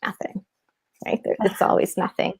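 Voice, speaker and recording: A woman guest who teaches mindfulness to children, explaining techniques in an animated way in a casual interview. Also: mid-range voice, measured pace, gravelly. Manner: animated, demonstrates with props and breathing.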